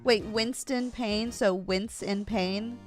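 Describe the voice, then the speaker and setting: A woman's voice: medium pitch, fairly even intonation, slow pace, faint music behind. A woman streamer giving playful, laughing, self-deprecating commentary on a video game, her voice strained. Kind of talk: casual gameplay commentary.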